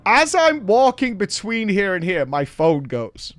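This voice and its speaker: A man from Britain, hosting a show and telling a story in a casual recap, animated and swearing freely. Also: high-pitched, a little slow, no echo. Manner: animated, swears freely, acts out quoted dialogue. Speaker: show host.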